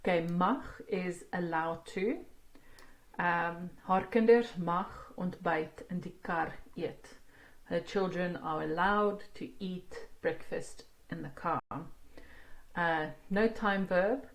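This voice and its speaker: Slow, low-voiced woman teaching. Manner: slow, explaining each word and translating line by line. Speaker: Afrikaans language teacher. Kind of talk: online language lesson.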